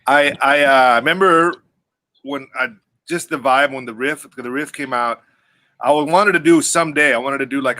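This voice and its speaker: A man in a band chats casually with his bandmates, loose, joking and profane. His voice is bright and forward, and the sound is dry and close. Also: medium pitch, moderate pace, dry recording. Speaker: band member co-hosting a livestream. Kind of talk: casual chat.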